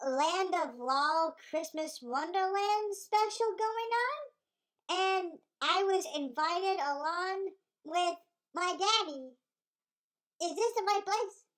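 This is a tiny, shy boy doll from a homemade toy play , as a woman puts him on. His voice is squeaky-high and unhurried, and he speaks softly and politely, with small hesitations. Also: exaggerated voice.

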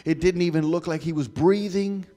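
A man telling a story to children in church, animated, asking the listeners questions and dropping to whispers. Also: a little high, moderate pace. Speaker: guest speaker.

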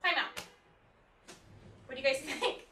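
A woman's voice: high-pitched, measured pace, bright, forceful tone. A woman therapist leading a group of children with upbeat praise, recorded from across an echoey room. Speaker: behavior therapist. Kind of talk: teaching children in a group session. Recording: echoey room, mic far off, audible noise.

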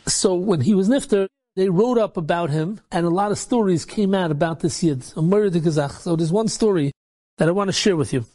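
A man's voice: sits high, a little fast, darkish tone. A man, a rabbi, telling a story in a casual, repetitive way, peppered with Yiddish and Hebrew words.

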